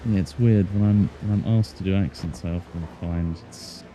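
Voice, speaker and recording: A man's voice: low-pitched, fairly even intonation, moderate pace, warm tone, slight background noise. An English man streaming a game, chatting casually and joking to himself as he plays. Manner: chatty, joking, talks to himself while playing. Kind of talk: casual gameplay chat.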